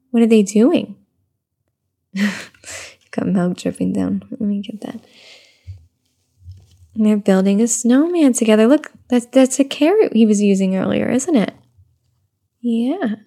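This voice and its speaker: A young mother reads a picture book to her baby in soft, cooing baby talk. Her voice is fairly high yet warm and mellow, with a gravelly edge, and she lingers over each rhyming line at an unhurried pace. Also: big pitch swings. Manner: soft, cooing baby talk, slow sing-song reading.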